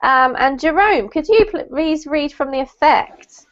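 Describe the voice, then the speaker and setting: A woman teaching an online English class in a slightly high voice, warm with praise and quick to correct word stress. She talks over a video call, and the audio comes through muffled. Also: lively intonation. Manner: encouraging, corrects pronunciation.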